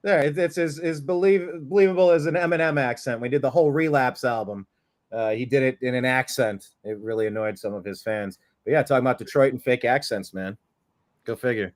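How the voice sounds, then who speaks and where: A man's voice: mid-range voice, brisk. A man hosting a talk show, putting wry questions to his co-host. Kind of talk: casual political talk show chat.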